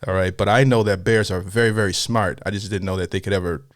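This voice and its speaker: A man's voice: sits low, fairly even intonation, quick pace, dry recording, studio quality. A man hosting a reaction video, chatting casually and thinking aloud, amused by what he watches. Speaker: reaction channel host.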